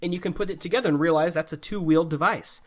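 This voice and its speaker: American man, English teacher, live Q&A over video call, patient explanations, fairly high voice. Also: quick pace. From United States. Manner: explains patiently, often checks in with "right?". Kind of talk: live online Q&A lesson.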